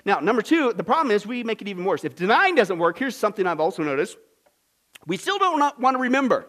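Guy preaching a sermon, really high voice, goes quiet then loud, keeps saying listen. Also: sing-song, fast. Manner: dynamic, swings from hushed to loud, repeats "listen". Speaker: pastor.

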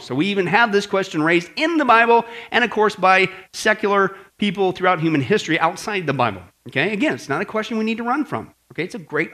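Pastor, male, slightly high voice, casual teaching sermon, plays out quotes. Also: sharp tone. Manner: conversational, asks the audience questions, acts out quoted voices. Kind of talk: sermon-style Bible lesson.

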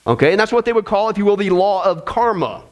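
A man's voice: sits high, lively intonation, fast. A man preaching a sermon to a congregation, emphatic and preacherly, with jokey asides to the crowd. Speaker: pastor.

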